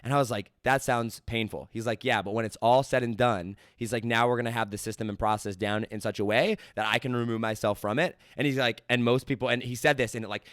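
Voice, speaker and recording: Young male podcast host, casual and energetic storyteller, smooth voice, dry close mic. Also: mid-range voice, fast, hardly any pauses, no echo. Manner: energetic, animated storytelling with quoted dialogue. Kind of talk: casual interview chat.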